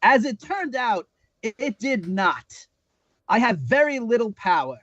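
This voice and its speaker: A man's voice: extremely high pitch, big pitch swings, measured pace, fairly bright tone, no room sound, dull audio, full character voice. A man voicing a weak, bumbling old male Nosferatu vampire in a tabletop game, grandiose and self-mocking. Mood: boastful. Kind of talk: tabletop role-play.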